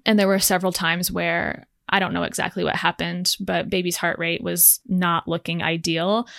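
A woman's voice: lowish voice, fairly bright tone, no room sound, clean studio sound. A young woman hosting a podcast, telling a personal story in a candid way, often laughing and saying "like". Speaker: podcast host.

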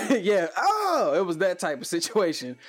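A man's voice: high-pitched, moderate pace, faint music behind. A young man hosting a casual podcast chat, telling stories in slang and acting out the quotes he tells. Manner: animated, acts out quotes, slangy. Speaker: podcast host.

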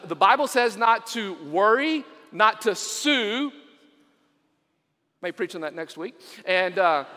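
A man preaching a sermon in a chatty, storytelling way, with frequent ums and uhs. His voice sits notably high, and the long reverb of a big church hall trails after each phrase. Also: fairly bright tone. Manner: conversational, storytelling, many fillers. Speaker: senior pastor.

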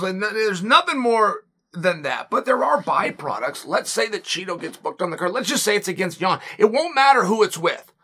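A man hosting his own show, giving solo commentary with emphatic swings between loud punchlines and low muttered asides, full of repeated rhetorical questions. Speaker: podcast host.

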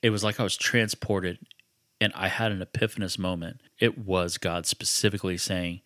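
A man with a very low voice recounts a personal story in relaxed, conversational podcast style. He talks reflectively, often restarting his sentences. The sound is dry and close, with little room around it. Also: moderate pace, no echo. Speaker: podcast host.

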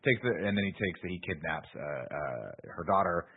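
A man's voice: low voice, expressive, moderate pace, slightly rough. A man co-hosting a podcast, casually recapping a movie plot, swearing freely and acting out quoted lines. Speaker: podcast co-host. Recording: tinny phone-like audio.

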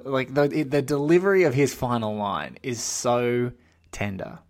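A man hosting a podcast, chatting casually about a film in an excitable, rambling way and acting out quotes. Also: medium pitch, normal speed. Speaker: podcast host.

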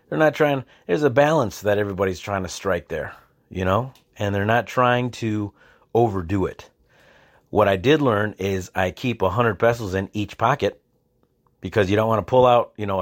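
A man hosts a podcast solo, telling a long story in a loose, rambling way. His voice sits fairly low, and he trips over restarts and fillers as he goes. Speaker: podcast host. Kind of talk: casual storytelling monologue.

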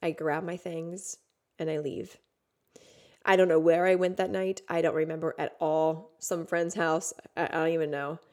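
A woman in her thirties speaks a personal monologue for her podcast. Her voice sits a little low. She tells it in an intimate, unpolished way, full of "like," and drops to a hush before rising loud again. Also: little pitch movement, moderate pace. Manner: raw, intimate, with frequent "like" and sudden swings from hushed to loud. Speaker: podcast host.

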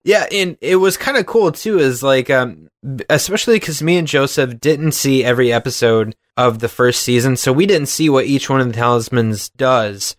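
A man's voice: mid-range voice, moderate pace, no echo, studio quality. Laughing, chatty male podcast co-host. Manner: chatty, laughs often, animated recaps. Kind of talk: casual chat.

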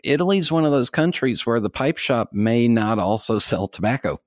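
A man's voice: medium pitch, lively intonation, normal speed, no room sound, studio quality. An American man co-hosting a podcast, chatting casually in a rambling way with many fillers and little chuckles. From United States. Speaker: podcast co-host.

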